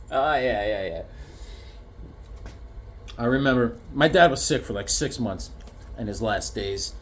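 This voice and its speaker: A man's voice: mid-range voice, moderate pace, pauses often. A man showing off his comic collection in a casual vlog, rambling through stories and landing joke punchlines. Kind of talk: casual show-and-tell with jokes.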